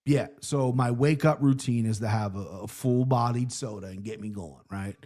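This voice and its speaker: A man's voice: medium pitch, normal speed. Rambling, profane man telling stories. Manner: rambling, profane, animated storyteller. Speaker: podcast co-host. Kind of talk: casual storytelling chat.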